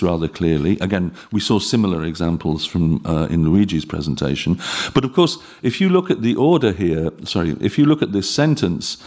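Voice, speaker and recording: A middle-aged man giving an academic linguistics lecture, explaining in a measured way with frequent ums and uhs. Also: deep voice, darkish tone.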